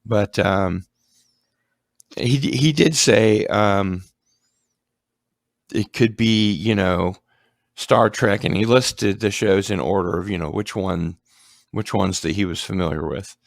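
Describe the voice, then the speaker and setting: A man's voice: fairly low pitch, slow, vocal fry, long pauses, no room sound. A man hosting a casual livestream chat, rambling with ums and restarts. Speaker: livestream host.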